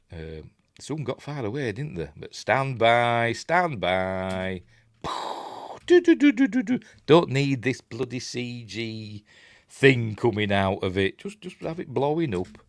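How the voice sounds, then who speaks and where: A man's voice: deep voice, dry recording. An older man with a Yorkshire accent giving a rambling, chatty film commentary while watching along. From Yorkshire, England. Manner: rambling, chatty, hums the score. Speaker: film reviewer. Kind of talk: casual commentary over a film.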